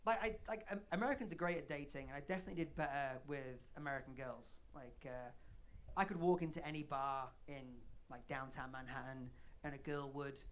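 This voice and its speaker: Speaking with a Northern English accent from Leeds, a man in his late thirties does a flamboyant stand-up set full of self-mockery at a comedy club. His mid-range voice is fairly quick and a bit bright, and a little hiss or hum is audible.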